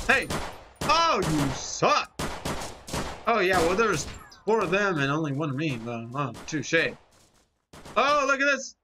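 A person in their twenties giving excited, rambling gameplay commentary, talking straight to viewers and poking fun at themselves. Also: medium pitch, noisy background. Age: 20s. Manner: rambling, animated, talks to viewers, self-mocking. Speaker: gaming commentator. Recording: loud game gunfire under the voice.

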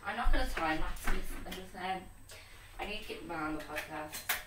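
A man's voice: high-pitched, a little fast, background noise. Young Irish guy rambling into a laptop. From Ireland. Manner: rambling, giggly storytelling. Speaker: vlogger. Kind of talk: casual vlog chat. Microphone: laptop mic from a distance. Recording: echoey room, far from the mic.

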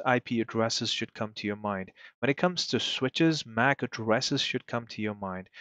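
A man's voice: medium pitch, fairly bright tone, no echo, highs cut off. A man teaching a networking lesson in a conversational way, often asking rhetorical questions. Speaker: networking instructor. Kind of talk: screen-recorded tech lesson.

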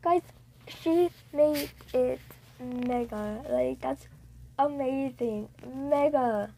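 Excitable high-voiced woman gaming vlogger. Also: drawn-out words, vocal fry, slight background noise, poor audio. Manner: excitable, gasping, repeats exclamations. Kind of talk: casual gameplay commentary.

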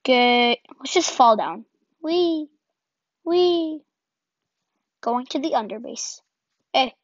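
A high-pitched woman talks through her game in casual, excitable bursts, laughing at her own mistakes and firing off repeated words. The sound is dull and lo-fi, with a close, dry feel and no room around it. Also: normal speed, dry recording. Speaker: gaming channel host. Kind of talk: casual gameplay commentary. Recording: dull lo-fi home recording.

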